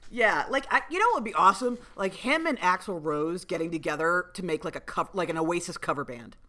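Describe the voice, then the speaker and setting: A woman co-hosting a podcast in casual chat. Her voice is low for a woman but swings widely in pitch. She is wry and lively in manner. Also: a little fast. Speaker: podcast co-host.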